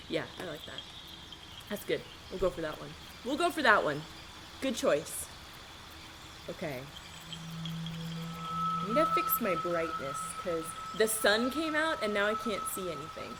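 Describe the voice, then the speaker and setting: A woman's voice: fairly low pitch, expressive, unhurried, long pauses, background noise. A woman streaming a video game live, chatting casually and rambling through stories with easy laughs.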